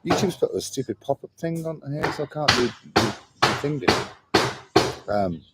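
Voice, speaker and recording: A man's voice: medium pitch, expressive, moderate pace, heavy background noise. A man in his forties, a travel vlogger chatting casually on a livestream, rambling and calling his viewers mate. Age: 40s. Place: traveling in Argentina.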